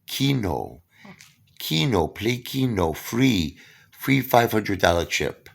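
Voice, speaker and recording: A man's voice: lowish voice, expressive, slow pace, creaky, pitched above the performer's own voice, full character voice. A man voicing a pushy male casino worker who speaks clipped, broken English. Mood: coaxing.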